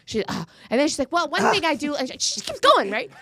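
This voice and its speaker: A woman's voice: sits high, quick pace, no room sound. A woman in her thirties from Florida, co-hosting a casual podcast and acting out both sides of an argument as she retells it. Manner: animated storyteller, acts out both sides of a quarrel. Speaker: podcast co-host. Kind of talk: casual political chat.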